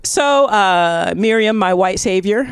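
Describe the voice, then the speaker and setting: An American woman co-hosting a comedy podcast, chatting casually with quick jokes and frequent laughter. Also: medium pitch, clear, resonant tone, dry recording. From United States. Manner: animated, laughs often, quick jokey asides. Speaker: podcast co-host.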